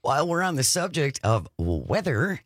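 A man's voice: a little high, sing-song, moderate pace, dry recording. A man co-hosting a political talk show, making dry, sarcastic remarks and reading news items. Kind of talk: opinionated political chat.

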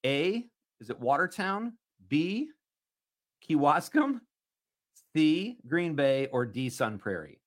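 An upbeat man hosts a casual radio quiz. He reads questions out loud and keeps breaking in with quick, laughing asides. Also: on the high side, sing-song. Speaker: radio host running a quiz.

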